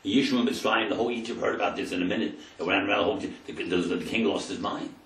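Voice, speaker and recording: Rabbi teaching a Torah class, dramatic storyteller, sharp bright tone, mic set back in a roomy hall. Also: male voice, fairly low pitch, fairly even intonation, racing. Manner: dramatic storyteller, translating verse by verse. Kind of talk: Torah lesson retelling scripture. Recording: roomy sound from a distant mic.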